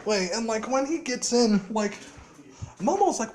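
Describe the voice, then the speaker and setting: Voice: mid-range voice, normal speed, darkish tone, slight background noise. A casual storyteller rambling through a fan scenario with frequent laughter, filler words and heavy swearing.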